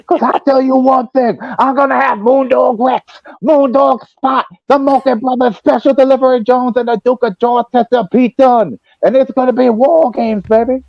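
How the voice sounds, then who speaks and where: A boastful old wrestling promoter drawls his lines slowly and grandly, as a man puts the voice on. He swings up high and loud when he gets going. The sound is dull and dry. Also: no echo, natural voice. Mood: hyped. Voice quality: drawling, slow and showy.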